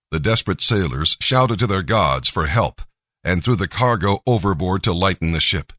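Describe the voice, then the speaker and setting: A man narrating a scripture story in a measured, expressive reading. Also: low-pitched, no echo, studio quality.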